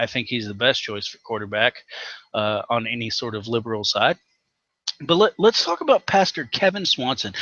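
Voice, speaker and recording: A man's voice: mid-range voice, pushed and bright, no room sound, muffled recording. A man hosting a weekly rant show, talking in a heated, emphatic, profane way. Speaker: host.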